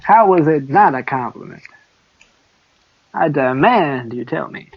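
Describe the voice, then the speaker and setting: A man's voice: a little high, animated, a little slow, gravelly, lo-fi sound, a little hiss or hum. A man co-hosting a casual podcast, joking and teasing his friend, rambling with fillers. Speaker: podcast co-host. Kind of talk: casual chat.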